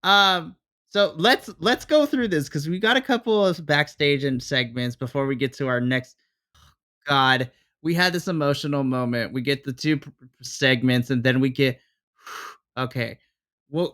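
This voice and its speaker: A man's voice: on the high side, moderate pace, fairly bright tone. A man co-hosting a casual podcast, sighing and chatting as he leads the rundown of a wrestling show. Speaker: podcast co-host. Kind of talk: casual wrestling review chat.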